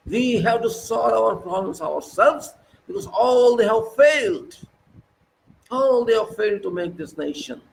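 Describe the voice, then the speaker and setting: A man's voice: high-pitched, gravelly, a bit bright, slight background noise, low-quality recording. A man from India delivering an impassioned, scolding monologue, full of repeated rhetorical questions. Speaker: political commentator.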